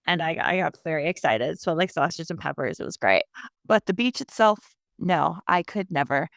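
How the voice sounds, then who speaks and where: A woman with a New Jersey accent hosting a podcast, recapping an episode in a chatty, sarcastic way with animated asides. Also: fairly low pitch, smooth, dry recording, clean studio sound. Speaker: podcast host. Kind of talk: casual episode recap chat.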